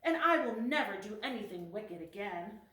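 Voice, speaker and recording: A woman's voice: medium pitch, animated, normal speed, fairly bright tone, natural voice. A woman voicing a young contrite kitten who promises earnestly. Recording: roomy, distant recording.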